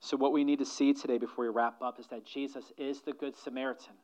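A man preaching a sermon as pastor, swinging from loud emphatic lines to hushed near-whispers and slowing down to stress key phrases. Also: mid-range voice, level tone. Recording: dull, muffled sermon recording.

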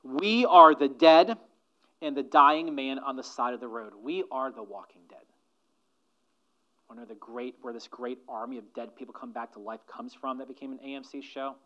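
A male pastor delivering a sermon at a mid-range pitch. He hits his key lines loud and hard, then drops to a hushed near-whisper. He slows right down to stress a point, and the recording sounds dull and muffled.

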